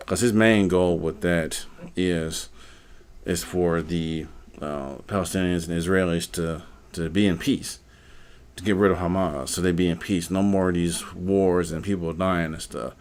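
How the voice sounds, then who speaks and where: A man's voice: deep voice, steady tone, a little slow, a little mellow. A man hosting a live stream, talking casually and rambling, with many fillers and repeated words. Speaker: live stream host, postal worker.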